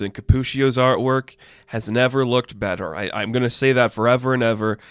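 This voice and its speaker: A man giving a casual, excited comic book review, talking loosely and swearing freely. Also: mid-range voice, a little fast, smooth, no room sound.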